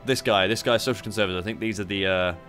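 A man's voice: lowish voice, racing, a bit bright, faint music behind. A young man hosting a strategy game playthrough, rambling and swearing with mocking asides. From Australia. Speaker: gaming channel host. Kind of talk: casual strategy game commentary.

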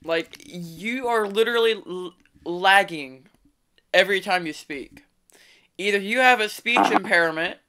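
A woman's voice: fairly low pitch, fairly bright tone. A woman making a mocking prank call. She stutters and taunts the person she is talking to. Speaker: prank caller. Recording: noisy background hiss.

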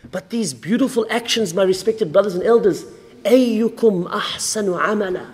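High-voiced preacher in an echoing hall. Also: male voice. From Australia. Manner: rhetorical questions, repeats phrases for emphasis. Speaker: sheikh giving a mosque lecture. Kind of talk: sermon. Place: mosque hall. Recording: reverberant mosque hall.

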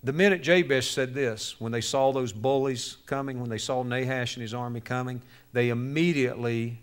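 A man preaching a lively sermon, telling a story and acting out its characters with jokes for the audience. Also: mid-range voice, moderate pace, few pauses, clear, resonant tone. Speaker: speaker to youth on bullying.

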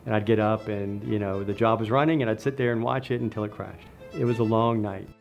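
A man, a lab scientist, recounting events in a documentary interview in a measured, reflective way. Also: fairly low pitch, fairly even intonation, gravelly, faint music behind.

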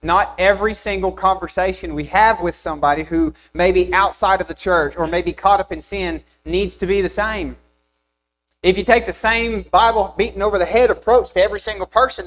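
Animated young preacher man, emphatic. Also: high-pitched, slight background noise, poor audio. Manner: animated, rising emphatic delivery with rhetorical questions. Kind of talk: sermon. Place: church sanctuary.

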